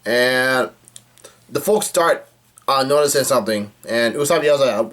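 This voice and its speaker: A man casually recapping a comic chapter, halting often with fillers and restarts. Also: mid-range voice, fairly bright tone. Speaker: manga reader recapping a chapter.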